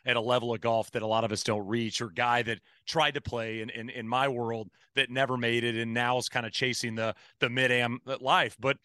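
A man's voice: medium pitch, level tone, a little fast, few pauses, pushed and bright, clean tone, no room sound, studio quality. A man hosting a golf podcast, asking long, rambling, thoughtful questions in casual chat. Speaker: podcast host.

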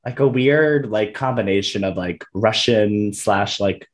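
Very low-voiced, unhurried woman. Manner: easygoing, agreeable, laughs along. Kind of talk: casual movie recap chat.

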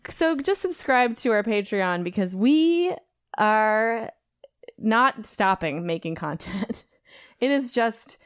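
A woman's voice: medium pitch, animated, takes it slowly, clear, resonant tone, no room sound, clean studio sound. A woman co-hosting a podcast, rambling and joking in casual chat. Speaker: podcast co-host.

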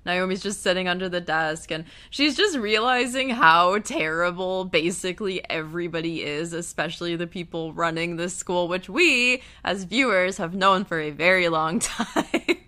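A young woman casually recapping a TV episode, gushing and emotional, her voice dropping soft and then rising loud with feeling. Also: fairly low pitch, moderate pace, hardly any pauses. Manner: gushing, emotional, swings between hushed and loud. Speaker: TV recap vlogger.

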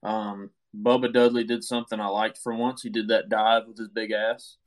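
A man's voice: lowish voice, flat delivery, moderate pace. A man in casual chat giving blunt, profane opinions. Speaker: podcast co-host.

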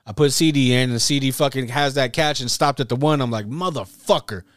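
Male podcast host, mid pitch, animated and profane storyteller, dry close mic. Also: quick pace, clear, resonant tone, no echo. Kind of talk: casual chat.

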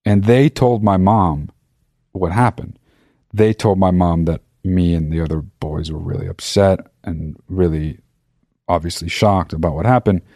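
Here the podcast host's voice sits low and moves a little slowly as he swears and wanders through a lively retelling of a story on his own show. There's no room sound, and the quality is studio-grade.

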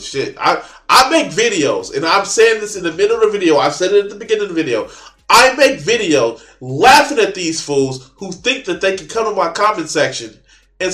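Guy doing a snarky reaction rant, swears a lot, slightly high voice, echoey room. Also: fairly bright tone. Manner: sarcastic, mocking, profane. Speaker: video reaction host.

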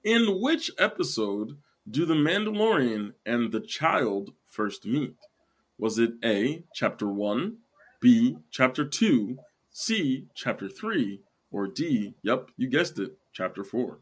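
A young man hosts a casual trivia show at a middle pitch. He reads multiple-choice questions and cracks jokes between them. His tone stays loose and teasing. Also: very animated, slow, breathy edge. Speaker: quiz show host. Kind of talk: casual podcast quiz hosting.

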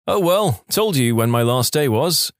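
A man's voice: medium pitch, animated, unhurried, dry recording, clean studio sound. A man narrating reader-submitted stories in a scripted storytelling delivery.

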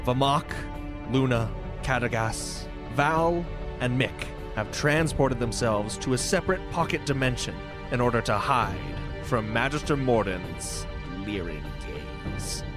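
A man running a tabletop game as game master, narrating in a lively, dramatic way. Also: mid-range voice, unhurried, over music.

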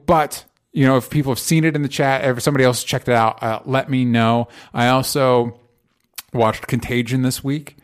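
A man co-hosting a podcast, chatting casually and rambling about movies, with frequent swearing and animated asides. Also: medium pitch. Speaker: podcast co-host.

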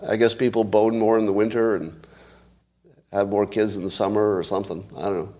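A man hosting a solo commentary stream, sarcastic, pausing often and putting rhetorical questions to his audience. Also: lowish voice, little pitch movement, mellow. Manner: halting, many pauses and filler sounds. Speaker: show host.

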